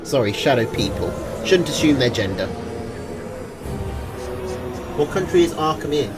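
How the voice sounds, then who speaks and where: A man's voice: mid-range voice, very animated, a little fast, music in the background. A man streaming a game live, commenting and reading with wry, dry asides.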